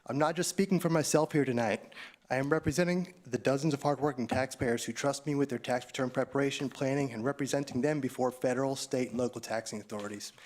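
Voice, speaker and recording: A man's voice: medium pitch, steady tone, fast talker, darkish tone, a little hiss or hum. A man, a tax professional, delivering a prepared, scathing public comment that accuses the town council. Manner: scathing, accusatory, read-out speech.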